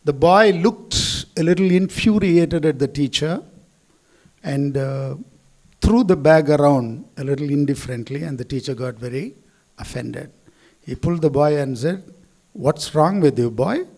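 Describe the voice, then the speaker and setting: A man's voice: a little high, normal speed, a little mellow. A man, a school chairman giving a speech at a school event in a hall, telling stories and acting out the quotes.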